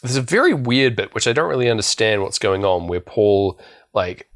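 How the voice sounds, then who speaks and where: A man with a fairly low voice that swings widely in pitch as he talks. He recaps a film for a casual podcast, wandering through the plot with plenty of ums and restarts. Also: lively intonation, moderate pace, a bit bright. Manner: rambling recap with many fillers and restarts. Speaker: podcast co-host.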